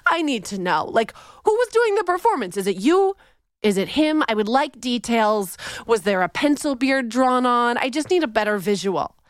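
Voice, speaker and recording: A Canadian-born woman hosts a podcast with a playful, theatrical energy. Her voice sits a little high and sounds smooth and clear. The recording is close and dry. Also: big pitch swings, normal speed, no echo. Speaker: podcast host. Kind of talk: casual podcast chat.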